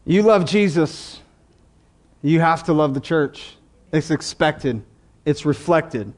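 A male pastor preaching a sermon in an animated, emphatic way, with jokes and asides. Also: on the high side, slow.

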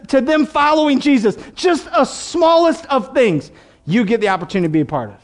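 High-voiced, animated male pastor. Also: fairly quick. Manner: animated, joking, emphatic. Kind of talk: sermon.

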